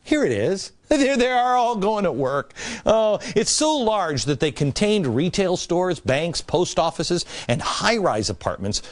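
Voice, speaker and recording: A man's voice: very animated, measured pace. A man in his forties delivering a sarcastic opinion monologue as a TV commentator, mocking and theatrical. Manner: mocking, theatrical swings between high and low voice. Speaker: TV political commentator.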